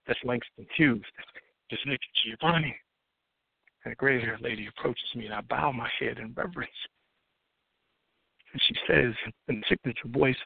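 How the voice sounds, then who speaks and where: A man's voice: medium pitch, moderate pace, gravelly, pauses often, husky, dry recording. A man performing spoken word poetry as a guest poet, with a rhythmic, dramatic delivery that swells for emphasis. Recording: tinny phone-like line.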